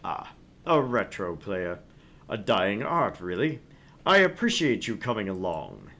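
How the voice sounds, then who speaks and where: A man playing a smooth scheming tycoon. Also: on the low side, big pitch swings, sharp tone, exaggerated voice. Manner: slow, measured, polished. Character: smooth wealthy male arcade tycoon, courteous and scheming.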